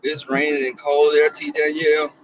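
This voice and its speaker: A male vlogger chats casually and bawdily with viewers as he drives, reading their comments aloud in a playful way. His voice is on the high side and monotone, at a normal speed. The mic is distant and the audio dull, recorded in a car.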